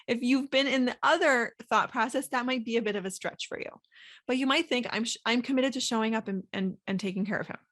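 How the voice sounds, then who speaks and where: A woman's voice: fairly high pitch, fast, a bit bright. A woman hosting a solo coaching podcast, talking casually with many fillers and acting out inner thoughts. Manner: chatty, lots of "like" fillers, acts out inner voices.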